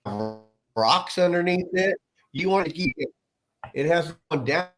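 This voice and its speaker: A man's voice: on the high side, lively intonation, moderate pace, a bit bright, soft background music. A man leading a casual wine tasting chat, explaining things patiently and telling small stories. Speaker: wine presenter.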